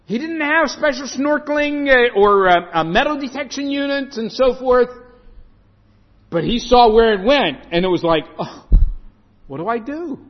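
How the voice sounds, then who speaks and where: Male preacher, sermon, high lively voice, long hall echo, muffled sound. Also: moderate pace. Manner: animated, acts out the story in voices.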